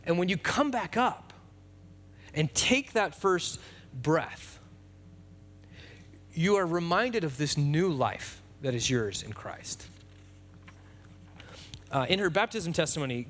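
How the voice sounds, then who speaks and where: A man preaching a sermon in a relaxed, conversational way, with fillers and restarts. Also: a little high, slight background noise. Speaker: pastor.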